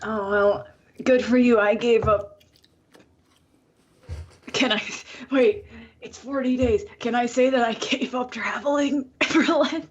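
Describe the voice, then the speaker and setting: A woman's voice: fairly high pitch, slow, long pauses, lo-fi sound. A woman co-hosting a casual podcast chat, blunt and wry, swearing freely and joking at her own expense. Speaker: podcast co-host.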